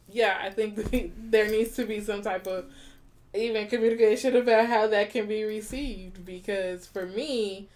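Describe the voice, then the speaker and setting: A woman co-hosting a relationship podcast speaks in an easygoing, reflective way. She circles back to rephrase her points and laughs lightly as she goes. Her voice sits at a middle pitch. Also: darkish tone. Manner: reflective, laughs often, repeats and rephrases ideas. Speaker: podcast co-host. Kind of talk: casual relationship podcast chat.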